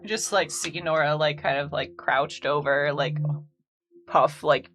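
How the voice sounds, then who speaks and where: A woman's voice: low voice, steady tone, unhurried, fairly bright tone. A woman playing a tabletop game, talking casually with lots of fillers. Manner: chatty, full of fillers. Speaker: player.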